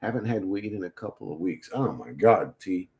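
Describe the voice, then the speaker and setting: A man's voice: low voice, animated, moderate pace, a little mellow. A man streaming casual chat with viewers, talking in a crude, profane way and laughing often.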